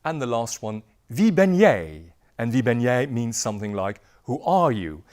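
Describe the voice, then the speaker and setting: A man teaching a lively language crash course, playful and laughing often, repeating words for the class to echo. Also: medium pitch, normal speed. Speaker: Dutch language instructor.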